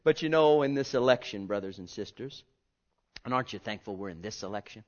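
A man preaching a sermon with passion, swinging from hushed, drawn-out words to loud cries. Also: lowish voice, animated, dull audio.

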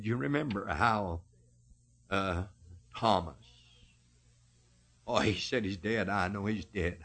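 A man preaching a sermon, slow and emphatic, rising and falling sharply in pitch and loudness.

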